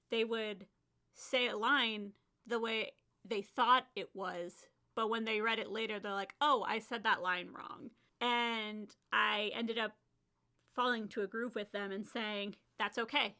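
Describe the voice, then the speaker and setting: A woman's voice: fairly high pitch, fairly even intonation, a little slow, bright, forceful tone. A woman hosting a casual solo podcast about writing, chatty, often laughing and acting out her own lines. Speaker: podcast host and author.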